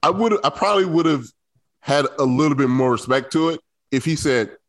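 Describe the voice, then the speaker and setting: A man's voice: on the high side, moderate pace. A man co-hosting a casual sports talk show, giving blunt and emphatic opinions.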